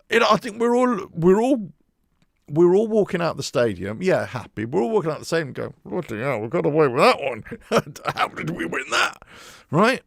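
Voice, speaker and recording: Gravelly man ranting. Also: on the high side, dry recording, studio quality. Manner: animated, rambling with restarts. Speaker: football fan channel host. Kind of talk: casual monologue.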